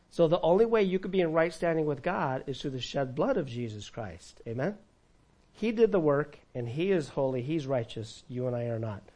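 Male pastor, slightly high voice, sermon with call-and-response, big volume swings.

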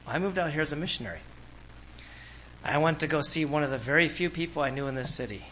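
Bright-voiced pastor telling stories. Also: male voice, on the high side, quick pace, a little hiss or hum, rough recording. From Orange County, California. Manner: animated storytelling with laughs. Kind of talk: sermon.

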